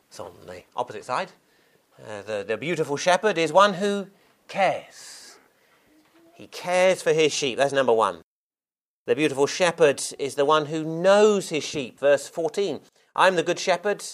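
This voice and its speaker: A man preaching a sermon, unhurried and earnest, often restarting and repeating words as he explains scripture. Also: a little high, fairly bright tone.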